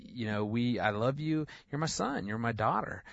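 Male guest expert, earnest, halting delivery, muffled broadcast audio. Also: mid-range voice, lively intonation, vocal fry, fairly bright tone, dry recording. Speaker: guest, marriage and family counselor. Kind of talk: radio interview.

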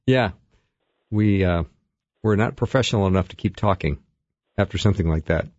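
A man's voice: low voice, moderate pace, a little mellow, no echo, dull audio. A man co-hosting a recovery talk radio show in a chatty, self-deprecating way.

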